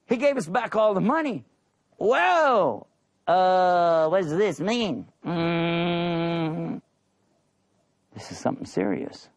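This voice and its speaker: A man doing a jittery young brother in a storybook tale, his voice pushed up high and swooping all over as he stammers and pleads. The tone is gravelly, with a dry, close sound. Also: animated, slow, exaggerated voice. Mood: puzzled. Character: excited young brothers, eager and nervous.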